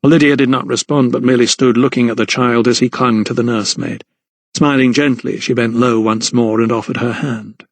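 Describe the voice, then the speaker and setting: A man narrating a historical mystery audiobook in a measured, even storytelling voice. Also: medium pitch, no echo. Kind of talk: scripted narration.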